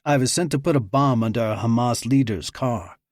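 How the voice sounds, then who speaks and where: A man voicing a stocky explosives expert in his late forties who talks in a flat, matter-of-fact way. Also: mid-range voice, normal speed, no echo, clean studio sound, natural voice. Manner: matter-of-fact, casual about violence.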